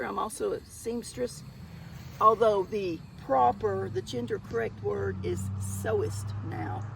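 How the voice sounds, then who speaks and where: An older Southern US woman with a fairly high, creaky voice shows her thrift finds to viewers, chatting in a folksy, casual show-and-tell haul and calling them y'all again and again. Background noise can be heard behind her.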